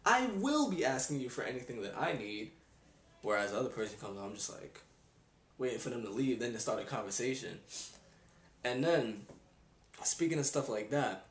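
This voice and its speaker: A young man, ranting in a casual vlog with exasperated sighs and slang. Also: on the high side. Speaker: vlogger. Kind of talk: casual rant. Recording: echoey room.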